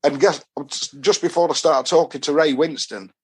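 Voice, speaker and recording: A man's voice: a little high, steady tone, normal speed, husky. Chatty Yorkshire man telling stories. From Doncaster, England. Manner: rambling storyteller who acts out quoted dialogue. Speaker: football fan guest. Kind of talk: casual anecdote telling.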